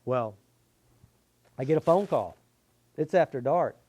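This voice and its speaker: A man's voice: fairly high pitch, lively intonation, unhurried, darkish tone. A middle-aged man teaching a tapping therapy method, telling a personal story in an earnest, confessional way. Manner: earnest, confessional, with shifting emphasis.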